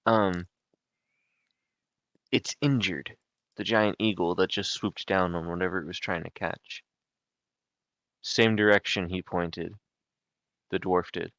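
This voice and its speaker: Low-voiced man running a tabletop game. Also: fairly even intonation, slow pace, long pauses, fairly bright tone, no room sound. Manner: rambling, restarts a lot. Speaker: game master.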